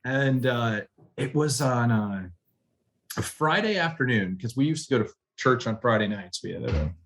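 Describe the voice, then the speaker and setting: A man speaks as a guest on a podcast. He tells his story in an animated way, acts out the people he quotes, and laughs often. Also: mid-range voice, normal speed. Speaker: guest, general manager.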